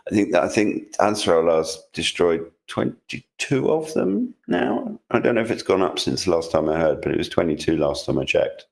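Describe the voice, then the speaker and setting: A man's voice: deep voice, very animated, moderate pace, creaky, few pauses. A man co-hosting a casual news roundup, talking sarcastically and rambling with restarts. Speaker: co-host. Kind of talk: casual news commentary chat.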